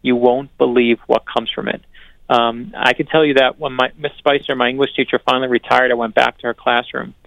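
A man tells a story with eager, earnest energy, doubling back on his words as he goes. His voice has a gravelly rasp. The sound is dry and thin, like a phone line. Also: mid-range voice, no echo. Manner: earnest, energetic, quick restarts and repetitions. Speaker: author, interview guest. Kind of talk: animated storytelling conversation.

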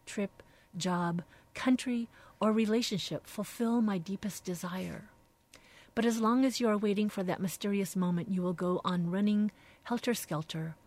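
A woman radio host reading aloud from a devotional book in a slow, reflective, soft-spoken way, dropping now and then into hushed phrases. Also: medium pitch.

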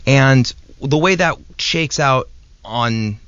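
A man's voice: medium pitch, takes it slowly, a bit bright, clean tone, no echo. A man who is a knife maker, a guest on a show, explaining things steadily step by step in casual talk. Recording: dull lo-fi dry recording.

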